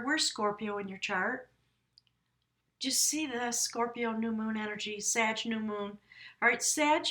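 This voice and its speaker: Her voice is bright, forceful and on the high side as this tarot reader rambles effusively through a casual reading. She addresses viewers directly and frequently corrects herself partway through sentences.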